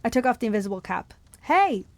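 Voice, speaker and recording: A young woman reading a novel aloud for a book club, lively, with laughs and asides. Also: medium pitch, normal speed, no echo.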